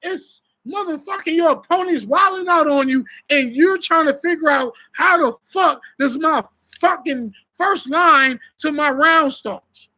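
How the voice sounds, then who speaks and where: A young adult man talks loosely on a live stream, swinging between loud bursts and low mutters as he tells his story. His voice has a bright, forward edge. He swears freely and stays animated. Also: measured pace. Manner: animated, profane, laughing storytelling. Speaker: battle rapper and host. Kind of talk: live stream casual talk.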